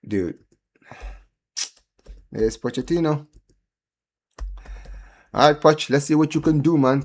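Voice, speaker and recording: Guy doing a live footy watchalong, keeps begging chat n ranting about the defense, mid pitch. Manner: excitable, pleading, exasperated fan rants; chatty, addresses viewers as guys and bro. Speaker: livestream host. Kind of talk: live football watchalong commentary.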